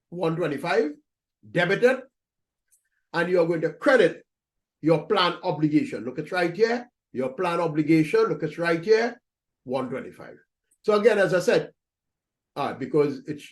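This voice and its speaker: A man teaching accounting in a recorded lecture, talking students through entries step by step, repeating his points and checking in with "right?". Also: fairly high pitch. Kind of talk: screen-recorded lecture walkthrough.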